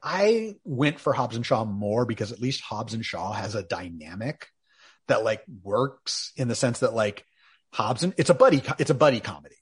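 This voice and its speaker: A man's voice: mid-range voice, sing-song, normal speed, husky. A man co-hosting a podcast in casual chat, wry and sarcastic, often laughing at his own jokes. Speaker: podcast co-host.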